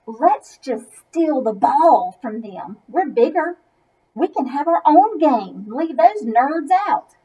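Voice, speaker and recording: A woman's voice: on the high side, expressive, takes it slowly, muffled recording, voice pushed down. A woman voicing a mean new schoolboy who growls and sneers his lines. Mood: snarling.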